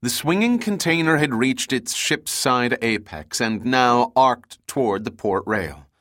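Forceful male audiobook narrator. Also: medium pitch, a little slow, no echo, studio quality. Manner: steady dramatic storytelling. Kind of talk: scripted action narration.

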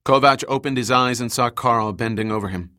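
A man reading an audiobook in measured scripted narration. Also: medium pitch, bright, forceful tone, no room sound, studio quality.

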